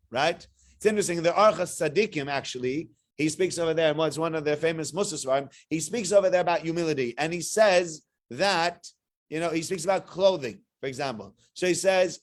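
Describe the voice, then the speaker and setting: A man, a rabbi giving an animated weekly Torah lecture full of rhetorical questions. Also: fairly high pitch.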